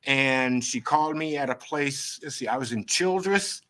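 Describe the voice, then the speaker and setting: Animated storytelling man, middle-aged. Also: medium pitch, normal speed. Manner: animated, acts out quoted dialogue. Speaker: photographer guest. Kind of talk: storytelling interview.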